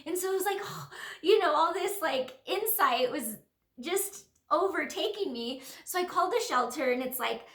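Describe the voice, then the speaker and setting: A woman's voice: very high-pitched, expressive, moderate pace, a bit bright. A woman talking through a casual, reflective monologue as a spiritual healer, in an earnest, rambling way full of fillers. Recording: roomy echo.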